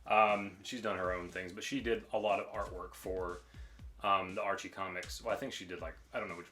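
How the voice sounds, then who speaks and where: Bright-toned man chatting about collectibles. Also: sits low, brisk, soft background music. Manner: relaxed, hesitant, lots of ums. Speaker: co-host. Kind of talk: casual collection show-and-tell.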